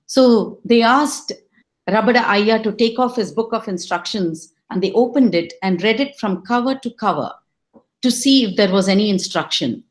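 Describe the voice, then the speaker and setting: A middle-aged woman telling a folk tale to listeners, expressive and rising high when she quotes her characters. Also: normal speed. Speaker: storyteller. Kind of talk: storytelling.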